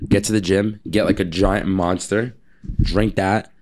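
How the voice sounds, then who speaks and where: A personal trainer with a low voice tells stories at a measured pace in a casual podcast chat, filling his lively, animated speech with lots of "like" and "um." A little hiss or hum can be heard.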